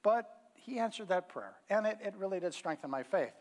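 In a high, expressive voice with a slightly mellow tone, a middle-aged pastor moves briskly through casual, folksy sermon stories full of fillers. Hall reverb surrounds his words.

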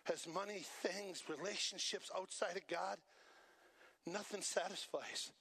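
A man preaching a sermon as pastor, animated and asking the congregation to repeat lines after him. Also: high-pitched, measured pace, gravelly, husky, no room sound.

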